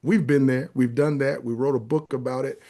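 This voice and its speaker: A man co-hosting a podcast, telling a story in a casual, animated way and acting out the voices in his joke. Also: medium pitch, moderate pace. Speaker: podcast co-host, child advocate.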